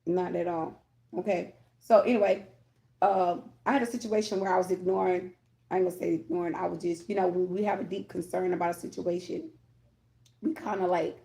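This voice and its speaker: A woman's voice: lowish voice, vocal fry, warm tone. A woman giving a candid, rambling tarot reading, often addressing viewers directly and checking in with them. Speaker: tarot reader. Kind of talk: casual spiritual talk to viewers.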